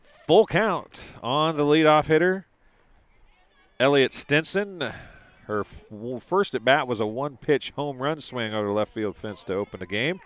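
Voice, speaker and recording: A man doing casual live play-by-play commentary, chatty and quick to laugh between calls. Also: mid-range voice, expressive, fairly bright tone, no room sound.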